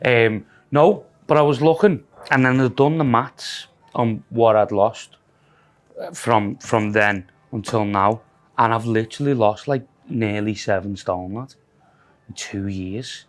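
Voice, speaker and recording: A man's voice: on the low side, measured pace. A man with a Scouse accent co-hosting a podcast in casual, sweary banter, mocking himself and rambling with restarts. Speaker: podcast co-host.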